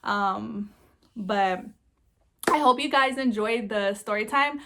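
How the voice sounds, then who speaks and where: A woman's voice: medium pitch, takes it slowly, bright, forceful tone, slight background noise. A young woman chatting casually in a storytime vlog, laughing easily and filling her talk with "like" and "um". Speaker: vlogger.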